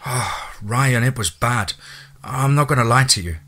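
A man voicing a caring young woman who talks softly and affectionately. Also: medium pitch, a little slow, pitched above the performer's own voice. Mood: tender. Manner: soft, affectionate.

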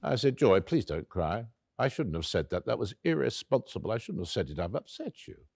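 A man's voice: medium pitch, big pitch swings, a little slow, no room sound, clean studio sound. An actor playing an elderly male author, telling the story of his late love in the first person, wry and tender, acting out both sides of the conversation. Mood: tender recollection. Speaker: actor in a one-man stage play.

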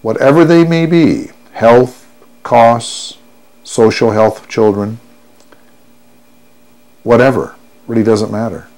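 A man guiding a listener through a hypnosis session, speaking in a soothing, unhurried way and repeating each affirmation. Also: medium pitch, fairly even intonation, a little mellow. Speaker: stop-smoking hypnotherapist.

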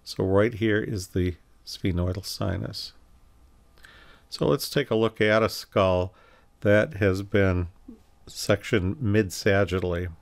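A man giving a recorded anatomy lecture, calmly explaining and pointing through slides with occasional self-corrections. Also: lowish voice, takes it slowly, creaky. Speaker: anatomy instructor.

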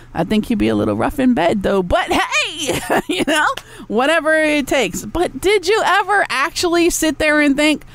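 A high-pitched woman rants on her own podcast, blunt and profane. She throws sarcastic asides to her listeners in the chat room. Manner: talks back to a chat room. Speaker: podcast host. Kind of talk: ranting solo podcast talk.

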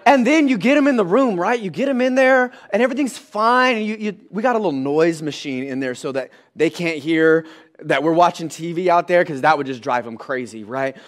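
A man in his thirties preaching a sermon in church, animated and comic as he acts out scenes with his kids. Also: fairly high pitch, a little fast. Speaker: pastor.

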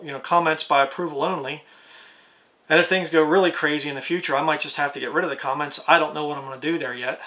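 A man's voice: a little high, sharp tone. A man preaching a plain-spoken video sermon, reading scripture aloud and asking his listeners rhetorical questions.

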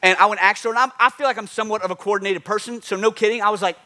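A man preaching a sermon as pastor, animated, telling stories and acting out asides and call-outs to the crowd. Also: sits high, rapid-fire.

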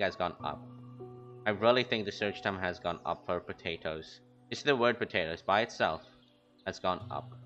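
A man streaming a game, rambling casually to his chat with quick excited outbursts. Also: fairly low pitch. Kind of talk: casual gaming commentary. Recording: lo-fi stream audio with faint music.

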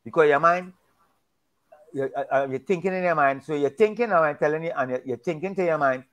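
A man's voice: on the high side, a little fast, fairly bright tone, muffled recording. A man in a casual Bible discussion, talking emphatically and preachily, often repeating and restarting his words.

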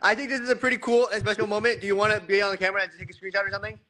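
A man hosting a casual livestream on his phone, playful and self-mocking, rambling with quick restarts as he talks to viewers. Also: sits high, little pitch movement, pushed and bright. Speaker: livestream host.

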